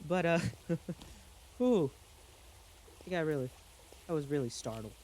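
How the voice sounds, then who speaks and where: A man casually telling a spooky story in an excitable, halting way, full of restarts and exclamations. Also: a little high, slight background noise. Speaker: channel host.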